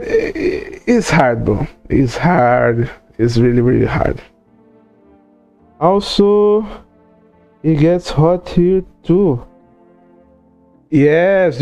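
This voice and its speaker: Slow-talking Brazilian man, profane rant. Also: fairly high pitch. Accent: Brazilian Portuguese. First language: Portuguese. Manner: profane, animated rant with many "bro" and "you know" fillers. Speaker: streamer. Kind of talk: casual livestream chat.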